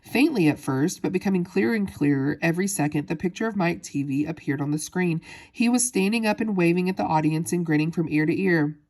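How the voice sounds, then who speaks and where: Woman audiobook narrator, fairly low voice, steady read of a children's book. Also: fairly quick, hardly any pauses. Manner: steady storytelling with small slips. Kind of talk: reading a children's novel aloud.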